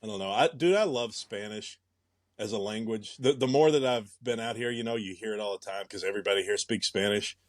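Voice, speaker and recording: A young American man co-hosting a podcast, chatting casually in a rambling, halting way and often breaking into laughter. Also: on the low side, no room sound. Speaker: podcast co-host. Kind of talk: casual chat.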